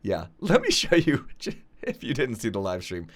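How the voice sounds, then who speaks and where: A man's voice: mid-range voice, huge pitch swings, moderate pace, slight background noise. A young man with a cold, his voice in and out, hosting casual gameplay commentary in an upbeat, chatty way with frequent laughs. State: has a cold, voice in and out. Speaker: gaming video host.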